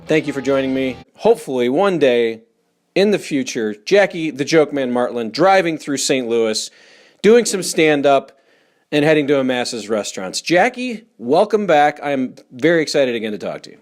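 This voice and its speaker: A man's voice: medium pitch, very animated, normal speed, soft background music. A man hosting a podcast interview over a video call, eager and laughing often. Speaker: podcast host. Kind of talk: casual interview.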